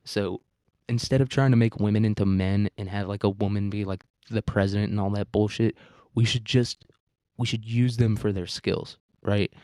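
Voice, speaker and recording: A young man with a rambling, crude, deadpan manner, ranting satirically as a podcast host on a close microphone. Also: lowish voice, moderate pace, no echo. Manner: rambling, crude, deadpan provocative, many restarts. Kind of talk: satirical comedic rant.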